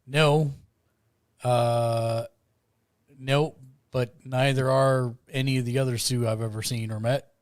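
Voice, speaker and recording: A man's voice: medium pitch, fairly even intonation, slow pace, pauses often, no echo, studio quality. A man playing a tabletop role-playing game, talking in character with a drawling frontier manner. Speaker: player.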